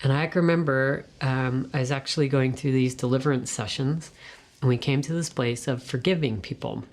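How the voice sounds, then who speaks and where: A woman giving a personal faith testimony in a soft, earnest way, sometimes dropping to a hushed whisper. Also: a bass voice, brisk. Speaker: guest sharing a testimony.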